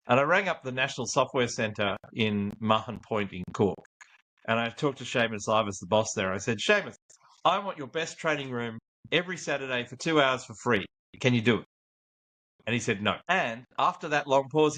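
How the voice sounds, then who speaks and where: A man's voice: mid-range voice, fairly bright tone, rough recording. A man, an investor guest, telling a story in an interview and acting out the quoted dialogue. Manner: acts out quoted dialogue in anecdotes.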